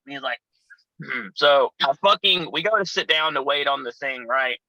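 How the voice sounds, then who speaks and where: A man's voice: medium pitch, expressive, normal speed, pushed and bright, no echo, poor audio. A man telling profane, rowdy road stories in a casual chat as a guest. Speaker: pro wrestler guest.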